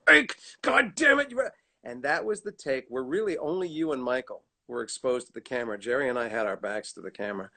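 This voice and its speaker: A middle-aged man telling animated stories in a casual chat over a video call, laughing often. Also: mid-range voice, quick pace, few pauses. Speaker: guest actor. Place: at home.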